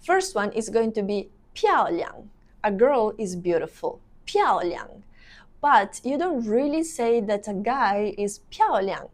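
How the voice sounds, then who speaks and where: Slow, patient woman teaching phrases. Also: medium pitch, big pitch swings. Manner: slow, patient explaining with repeated example phrases. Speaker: language teacher. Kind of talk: video language lesson.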